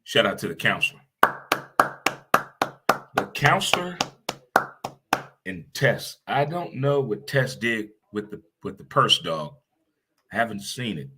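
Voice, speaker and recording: Casting: middle-aged male talk host, lively, bright husky tone, loud laugher. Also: on the low side, moderate pace, a little hiss or hum. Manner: animated, laughs loudly, swears casually. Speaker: show host. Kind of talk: casual morning talk show.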